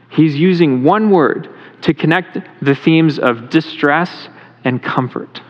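A man with a fairly high voice preaches a sermon from the front of a church sanctuary. He talks in a conversational way and puts questions to the congregation. The sound carries a long hall reverb and a dull, lo-fi tone. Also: slow. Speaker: pastor.

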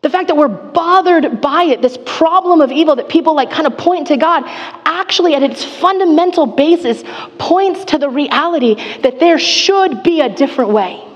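Here her voice is high-pitched and expressive at a moderate pace, though the audio is dull and a large hall's long reverb lingers. She keeps teaching the Psalm in the same candid, chatty way, with plenty of fillers and jokes at her own expense.

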